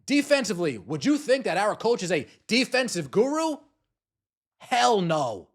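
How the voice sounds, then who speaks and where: A man's voice: high-pitched, very animated, moderate pace. A man hosting a podcast, delivering an angry sports rant, swearing and repeating himself. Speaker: podcast host.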